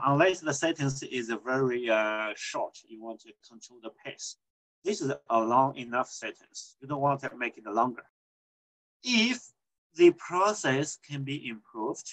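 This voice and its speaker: A man's voice: medium pitch, poor audio. A man with a Chinese accent giving a university lecture on technical writing, explaining step by step with frequent "okay" check-ins. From China.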